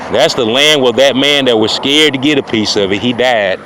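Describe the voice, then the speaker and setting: A man telling a rambling, boastful comic story, often turning to his listeners with "ladies and gentlemen.". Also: mid-range voice, normal speed, hardly any pauses, background noise. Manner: rambling, boastful, repeats "ladies and gentlemen" and "you know what I'm saying". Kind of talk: improvised comic storytelling monologue.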